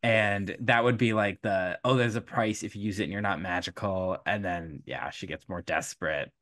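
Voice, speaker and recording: A man co-hosting a casual podcast chat, recapping a plot in an animated way and laughing often. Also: low voice, moderate pace, dry recording, clean studio sound. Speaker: podcast co-host. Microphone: podcast microphone.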